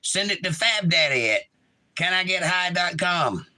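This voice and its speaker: Laid-back man with a bright voice. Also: high-pitched, expressive, unhurried. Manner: laid-back, greets chatters by name, reads their comments aloud. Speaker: livestream host. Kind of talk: casual chat reading out live chat, with singing to guitar.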